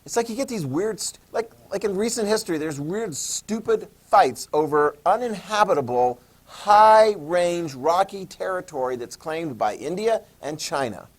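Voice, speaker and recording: A man lectures a history class with a slightly high voice. He jokes, acts out little scenes, and keeps checking in with the students. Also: expressive, normal speed, few pauses. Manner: jokey, asks the class questions, "okay?" checks. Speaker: history teacher.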